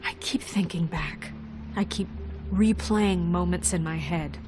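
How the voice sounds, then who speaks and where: A woman's voice: on the low side, unhurried, background noise, close to an everyday voice. Snow, a woman voicing a firm, earnest official.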